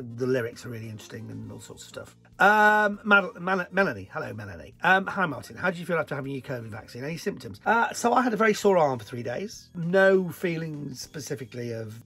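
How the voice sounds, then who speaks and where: A middle-aged man from northern England chatting casually as he answers viewer questions, lively and joking between answers. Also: mid-range voice, vocal fry. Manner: chatty, animated, jokey asides. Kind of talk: casual Q&A chat.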